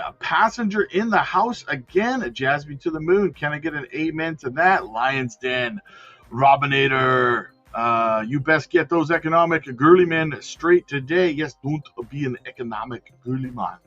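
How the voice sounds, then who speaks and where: A man hosts a live crypto stream with loud, slangy energy, calling out viewers by name. His voice sits a little high, and the sound is dry and slightly dull. Soft music plays underneath. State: out of breath. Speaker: crypto livestream host. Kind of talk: casual live-stream chat.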